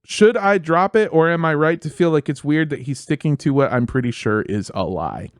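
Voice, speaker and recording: A man co-hosting a comedy podcast with a slightly high voice. He jokes, swears freely and reads listener letters aloud with lively emphasis. The sound is close and dry. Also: normal speed, no room sound. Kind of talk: casual comedic podcast chat.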